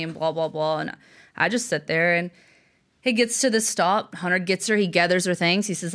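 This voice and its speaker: A young adult woman telling a long story as an interview guest, animated and acting out quotes, often laughing. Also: mid-range voice, moderate pace. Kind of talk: storytelling in conversation.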